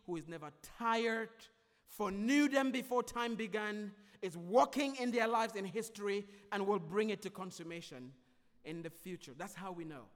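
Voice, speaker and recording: A high-pitched man delivers a sermon as pastor. He stresses his points through repetition and shifts between loud declarations and softer explanation. The recording carries a long hall reverb. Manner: emphatic, repetitive preaching with swings between loud and soft.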